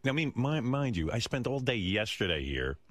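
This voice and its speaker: A man hosting a radio show, telling stories in an animated, exasperated way in casual chat. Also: medium pitch, a little fast, no room sound. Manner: animated storytelling, exasperated rants. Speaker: radio host.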